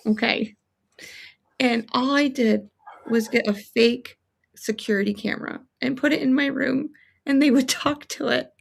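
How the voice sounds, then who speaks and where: A woman's voice: high voice, steady tone, a little slow, vocal fry. A woman guest in a casual chat, playful and teasing.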